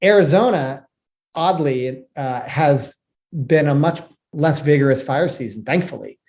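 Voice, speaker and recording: A man's voice: on the high side, measured pace. Chatty man hosting a podcast. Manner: relaxed, chatty, with frequent "like" fillers and restarts. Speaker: podcast co-host. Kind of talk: casual conversational hosting.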